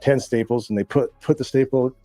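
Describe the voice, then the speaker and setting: A man from Southern California, a guest, telling a profane, animated story in casual talk and acting out the voices of people he quotes. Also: medium pitch, a little fast, dry recording.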